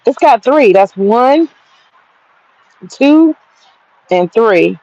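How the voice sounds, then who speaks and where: Excitable woman gardening. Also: fairly high pitch, very slow, no echo, lo-fi sound. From Georgia, US. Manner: excitable, chatty, swears freely. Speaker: gardening vlogger. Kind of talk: casual outdoor vlog. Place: outdoor home garden.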